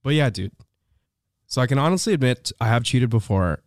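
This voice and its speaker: A man's voice: mid-range voice, expressive, fairly quick, no echo, clean studio sound. A young man co-hosting a podcast, talking in a laid-back way and often agreeing. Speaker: podcast co-host. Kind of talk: casual chat.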